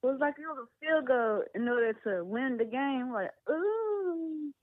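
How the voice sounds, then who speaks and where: A woman's voice: high-pitched, animated, a little slow, no room sound. Hesitant woman caller on a phone line. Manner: hesitant, many fillers. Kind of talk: casual phone-in chat.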